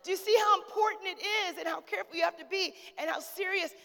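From a church pulpit, a pastor in her forties delivers a sermon in a high, animated voice, talking fast with some vocal fry. She swaps call-outs with the congregation and keeps a loose, storytelling tone. The sanctuary gives everything a long, echoing reverb.

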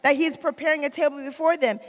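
A woman's voice: high voice, fairly even intonation, fast talker. A woman preaching a sermon in a church, calling for amens from the congregation and repeating lines for emphasis. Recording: long reverb of a large hall.

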